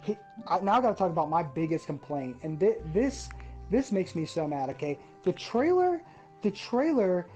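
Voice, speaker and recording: Profane ranting woman, mellow voice. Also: fairly low pitch, sing-song, normal speed, faint music behind. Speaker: gaming podcast host. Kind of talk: casual chat.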